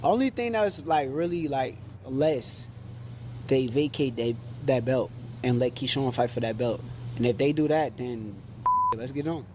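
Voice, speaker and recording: A man's voice: medium pitch, expressive, measured pace, background noise. A male boxer giving a cocky interview, brushing off his rivals. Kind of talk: interview clip.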